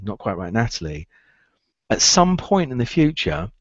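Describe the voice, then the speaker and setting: A man's voice: on the low side, sing-song, measured pace, no echo, muffled recording. A man giving a recruitment training talk, emphatic and repetitive, driving points home.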